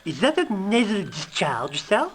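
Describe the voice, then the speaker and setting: A man's voice: sits high, wildly swooping pitch, a little slow, a bit bright, a little hiss or hum, exaggerated voice. A man playing an eager, timid young male trainee doctor who speaks politely and hesitantly, in a game with faint music behind. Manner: polite, hesitant, keeps saying sir.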